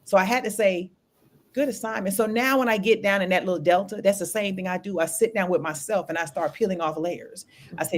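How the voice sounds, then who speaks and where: A woman's voice: on the low side, fairly quick. A woman co-hosting a podcast in casual chat, telling stories with animation and acting out the dialogue. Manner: animated storytelling, acts out dialogue. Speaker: podcast co-host.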